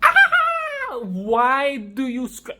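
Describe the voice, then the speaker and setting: A young woman hosting a casual film rant, laughing often, exasperated and swearing, with sudden animated outbursts. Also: lowish voice, slow, noisy background. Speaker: film commentary channel host.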